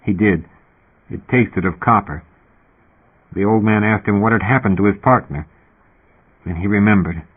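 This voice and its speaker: A man narrating an audiobook in a steady storytelling manner. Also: fairly low pitch, normal speed, pauses often, slightly rough. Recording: tinny phone-like audio.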